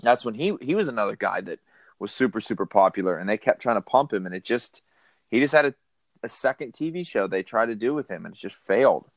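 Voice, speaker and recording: A man's voice: on the low side, animated, fast talker, dry recording. A man co-hosting a podcast, chatting casually about a movie, laughing often and retelling scenes. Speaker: podcast co-host.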